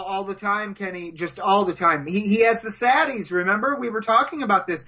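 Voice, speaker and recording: A man with a high, bright voice co-hosts a joking podcast. He rambles and stammers, tripping over repeated words. The audio is dull and lo-fi. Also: a little fast, few pauses, slightly rough. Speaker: podcast co-host. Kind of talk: comedic podcast banter.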